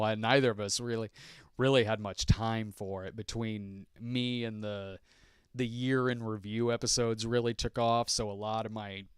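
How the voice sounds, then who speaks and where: A middle-aged podcast host with a clean, lowish voice casually takes viewer questions during a live stream chat. He rambles, restarts sentences often, leans on fillers and chuckles. The sound is clean studio audio without echo.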